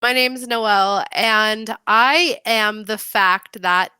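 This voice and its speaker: A young woman co-hosting a podcast, telling stories in a casual, profane, animated way. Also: mid-range voice, slow, smooth, no echo. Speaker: podcast co-host. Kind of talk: casual chat.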